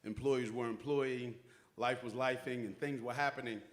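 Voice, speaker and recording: A man's voice: medium pitch, steady tone, normal speed. A middle-aged man as master of ceremonies, giving an uplifting speech in a church hall with folksy storytelling that acts out quoted voices.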